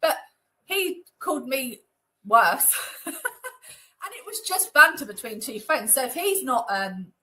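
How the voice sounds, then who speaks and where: A woman's voice: high-pitched, very animated, unhurried, sharp tone, poor audio. A woman being interviewed, talking in a chatty, indignant way with lots of fillers. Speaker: interview guest. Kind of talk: conversational interview. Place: Northamptonshire.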